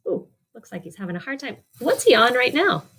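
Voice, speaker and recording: Woman, children's librarian, storytime read-aloud, lively swooping pitch, chatty questions to kids. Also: brisk, husky. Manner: sing-song, asks children questions and answers for them.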